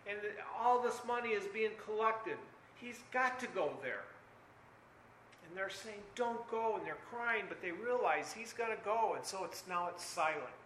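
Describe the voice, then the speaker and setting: An older man delivers an earnest sermon in a high, bright voice. He moves between hushed reflection and loud, urgent emphasis. The sound rings with room echo over a faint background hum. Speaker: preacher.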